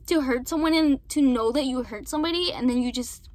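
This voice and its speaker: A woman's voice: sits high, brisk, no echo. A young woman venting to her viewers in a rambling, casual way, swearing often and then apologizing. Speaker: vlogger.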